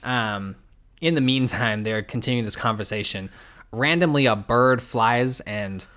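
Rambling, animated man in casual chat. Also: medium pitch, measured pace. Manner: rambling, lots of "like" and restarts, animated retelling.

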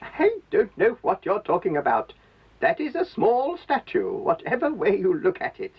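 A man voicing a prim, bossy rag doll in a 1970s stop-motion show, with a husky, dismissive manner. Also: sits high, huge pitch swings, normal speed, exaggerated voice. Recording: dull lo-fi 1970s TV sound.

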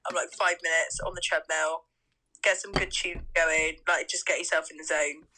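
A woman with a very bright, sharp voice, chatting casually. She tells stories with energy and acts out her own past lines as she goes. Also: low-pitched, moderate pace, slight background noise, rough recording. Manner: animated storytelling, acting out her own lines. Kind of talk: casual chat.

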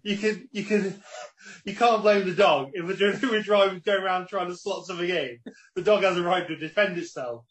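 A man's voice: high voice, brisk, fairly bright tone, a little hiss or hum. A man hosting a podcast in casual chat, wry and swearing casually as he steers the show. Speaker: podcast host.

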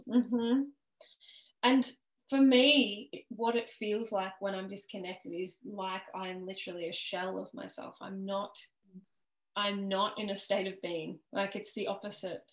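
A woman guest talks through her story in casual podcast chat, animated and laughing now and then. Her voice sits in the middle of the range for a woman. The recording carries a noticeable roomy echo. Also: mid-range voice, measured pace. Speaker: podcast guest, worthiness coach.

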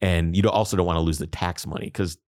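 A man's voice: deep voice, fast talker, no echo, studio quality. A man co-hosting a podcast, talking in an emphatic, opinionated way. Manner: animated, emphatic, ranting. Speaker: podcast co-host. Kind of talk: casual opinionated chat.

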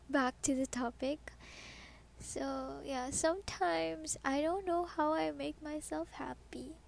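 High-voiced Filipino woman musing softly. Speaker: podcast host. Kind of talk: personal podcast monologue.

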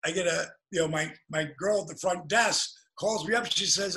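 A man telling animated stories as an interview guest, with quick restarts. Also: high voice, rough recording. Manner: animated, fast-moving storyteller with restarts. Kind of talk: interview storytelling.

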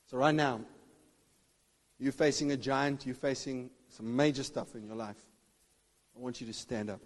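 A man preaching a sermon with fervour, swinging between shouted declarations and hushed asides. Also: medium pitch, fairly even intonation, moderate pace. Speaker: pastor. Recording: long reverb of a big hall.

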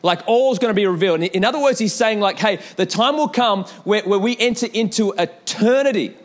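Animated preacher with a raised voice. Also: male voice, high-pitched, fairly quick. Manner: animated preaching with repeated calls and storytelling asides. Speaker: pastor. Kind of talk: sermon.

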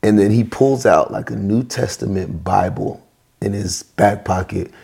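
A young man, a podcast guest and worship leader, telling a story casually in an animated, slangy way. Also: lowish voice, unhurried, gravelly, breathy edge.

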